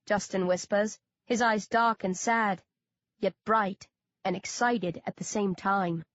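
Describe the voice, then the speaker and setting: A woman narrating an audiobook in the first person with a steady, measured reading. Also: medium pitch, no room sound, highs cut off.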